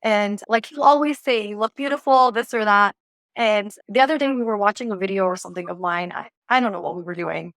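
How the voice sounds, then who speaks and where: A woman's voice: medium pitch, a little fast, no room sound, studio quality. A woman giving relationship advice in a casual interview, playful and lighthearted, acting out what people say. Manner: lively, acts out quoted lines. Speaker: relationship coach guest.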